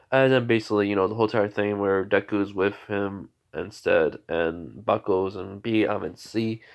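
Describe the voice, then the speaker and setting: A man improvising a fan story, rambling and halting with many fillers, on a dull lo-fi recording. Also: fairly low pitch, vocal fry.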